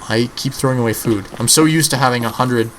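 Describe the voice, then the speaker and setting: A man's voice: medium pitch, fast talker, fairly bright tone, slight background noise, low-quality recording. A man in his early twenties giving casual, rambling gameplay commentary as a channel host, swearing offhandedly. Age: early 20s.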